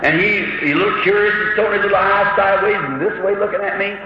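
A man preaching a sermon as a fervent, emotional story, his voice climbing higher as the feeling rises. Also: a little fast, over music. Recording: old muffled hall recording with heavy hiss.

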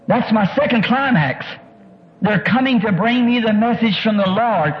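High-voiced preacher on old tape. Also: male voice, lo-fi sound. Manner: earnest, halting, repeats words and restarts. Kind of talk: sermon testimony.

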